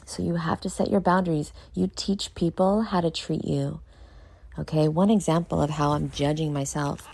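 A young woman, talking late at night about herself in a candid vlog, loud and excitable, with many fillers, sounding tired. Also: low-pitched, normal speed, vocal fry, husky, dry recording. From New York. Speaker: podcast host. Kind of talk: candid self-talk vlog.

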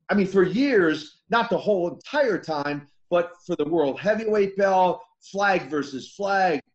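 A man's voice: on the high side, highs cut off. A man in his sixties, a former wrestler as guest, telling stories animatedly, laughing and restarting his sentences. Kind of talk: casual interview storytelling.

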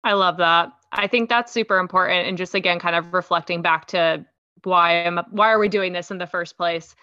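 A woman's voice: fairly low pitch, fairly even intonation, moderate pace, pushed and bright, clear, resonant tone, no echo, muffled recording. A woman hosting a podcast interview, chatty and casual, with frequent ums and restarts. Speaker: podcast host.

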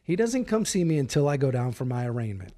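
Talking fast at a medium pitch, a middle-aged podcast guest spins a story in a loose, animated style, voicing the dialogue himself.

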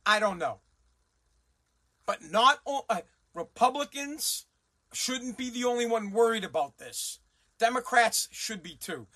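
Male show host, high bright voice, sarcastic, profane ranting commentary. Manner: blunt, sarcastic, swears freely.

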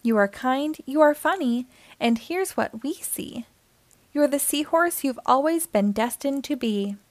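A woman's voice: high-pitched, animated, unhurried, dry recording. A woman reading as a kindly group of sea friends. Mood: reassuring. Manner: soft, reassuring sing-song. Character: kind group of young sea-creature friends, encouraging.

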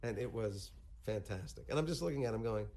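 A man's voice: lowish voice, lively intonation, fairly quick, warm tone, slight background noise. A man in an interview clip telling a story, acting out the lines he quotes. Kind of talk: anecdote in an archive clip.

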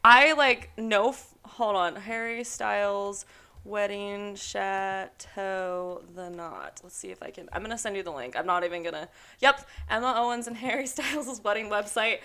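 A young woman hosting a podcast, chatting excitedly and giggling as she tells a story full of fillers. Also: mid-range voice, moderate pace. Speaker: podcast host. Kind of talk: casual chat.

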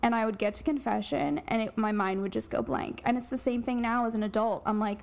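A woman's voice: a little high, little pitch movement, a little fast. Chatty laughing woman podcast guest. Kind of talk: casual podcast chat.

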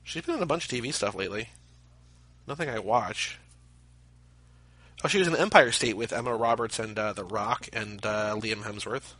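A man's voice: on the low side, moderate pace, long pauses, bright, forceful tone, no echo, low-quality recording. A man co-hosting a podcast, chatting casually about movies with jokey, rambling asides. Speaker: podcast co-host. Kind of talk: casual movie commentary chat.

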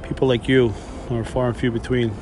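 A man's voice: mid-range voice, flat delivery, brisk, music in the background. A man hosting a podcast, telling stories in a casual, blunt and profane monologue. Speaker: podcast host.

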